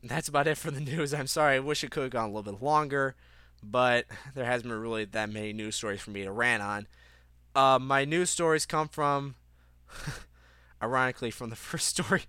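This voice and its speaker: A man's voice: mid-range voice, sharp tone, clear, resonant tone, dry recording, studio quality. A young man hosting a casual gaming news podcast, rambling with many fillers and restarts. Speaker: podcast host.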